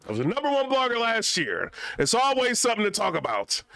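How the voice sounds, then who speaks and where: A man's voice: very high voice, huge pitch swings, brisk, vocal fry, pushed and bright. A young man vlogging in a casual, rambling rant full of slang.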